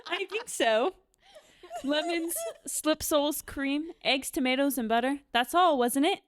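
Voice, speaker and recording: A woman's voice: high-pitched, unhurried. A woman reading the part of a plain-spoken middle-aged boatman in an amateur play read-through, in her own voice. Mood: matter-of-fact.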